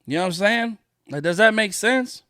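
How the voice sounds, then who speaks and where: A man's voice: high voice, animated, moderate pace, sharp tone, clear, resonant tone, no room sound, studio quality. A man hosting a solo podcast, ranting in a profane, indignant way and repeating his points for emphasis. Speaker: podcast host.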